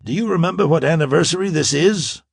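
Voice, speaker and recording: A man voicing an older, fatherly male scientist with a rasping voice in an audiobook. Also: a little high, fast talker, dry recording, clean studio sound, voice pushed up. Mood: calm. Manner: calm, brooding. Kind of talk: audiobook character voice.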